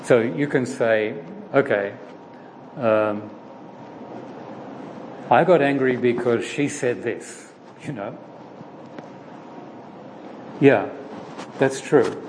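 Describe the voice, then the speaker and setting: A man leading a Bible study, praying and then teaching in an informal, halting way with many pauses. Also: medium pitch, darkish tone. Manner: slow, halting, with frequent "uh" pauses. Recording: long reverb with faint background noise.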